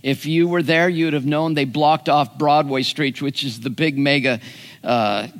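Male pastor, slightly high voice, unhurried folksy storyteller, big hall reverb. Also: steady tone. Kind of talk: sermon.

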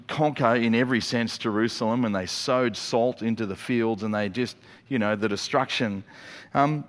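Pastor preaching in a reverberant hall. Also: male voice, mid-range voice. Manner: lively storytelling with quick acted-out asides. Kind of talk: sermon. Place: church auditorium. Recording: long reverb of a church hall.

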